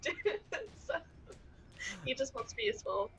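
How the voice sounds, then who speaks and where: A woman playing in a tabletop game, talking in a playful, lively way. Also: sits high, brisk, vocal fry. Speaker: player. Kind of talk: casual game chat.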